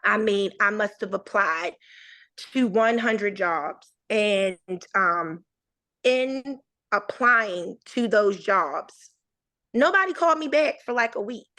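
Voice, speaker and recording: A woman's voice: medium pitch, takes it slowly. A woman in her thirties, a podcast guest, telling a personal story in casual conversation and acting out the voices of the people in it. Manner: animated storyteller, acts out quoted voices.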